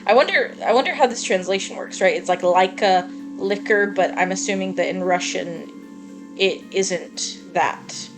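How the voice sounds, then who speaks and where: A woman's voice: mid-range voice, normal speed. Chatty woman gaming with faint music. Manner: chatty, self-deprecating, swears casually. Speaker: gamer playing through a game. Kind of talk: casual let's-play commentary.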